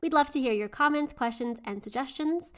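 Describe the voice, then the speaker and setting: Woman, podcast co-host, casual chat, chatty, a bit high-pitched. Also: fairly quick, a bit bright. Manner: chatty, laughs often, searches for words.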